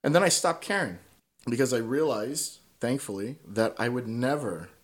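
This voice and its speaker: A man's voice: mid-range voice, lively intonation, normal speed. A man telling stories as a podcast guest in casual conversation, swearing freely and tagging his points with "right?".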